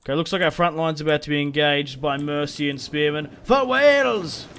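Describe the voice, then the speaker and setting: A man's voice: a little high, flat delivery, a little fast, fairly bright tone, smooth. Man muttering battle orders. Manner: chatty, muttering orders to his troops. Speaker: gaming video creator. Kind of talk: casual gameplay commentary.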